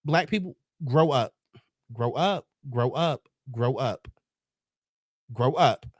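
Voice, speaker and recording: A man's voice: medium pitch, lively intonation, takes it slowly, dry recording. Brief: male pop culture host, profane and sassy, dry close sound.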